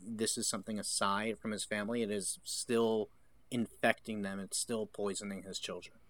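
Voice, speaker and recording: Low-voiced man talking film. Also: flat delivery, moderate pace, fairly bright tone. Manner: thoughtful, digressive, acts out quoted lines. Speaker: podcast co-host. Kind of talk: casual film discussion.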